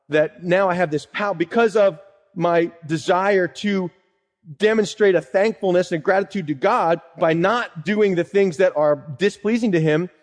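A man pastor preaching a sermon in a conversational teaching way, quoting scripture and asking rhetorical questions. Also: sits high. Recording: long hall reverb.

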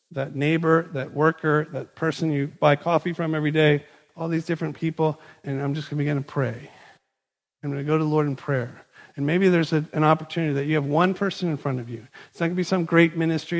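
Male pastor, fairly high voice, chatty animated storytelling, long hall reverb. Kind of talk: sermon.

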